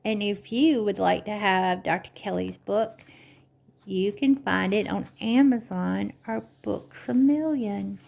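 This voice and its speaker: A woman leads a children's story time, talking warmly and patiently to little listeners. She speaks slowly, with a touch of gravelly fry in her voice. Her manner is encouraging and teacherly. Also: medium pitch. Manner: gentle, slow and encouraging, like a teacher.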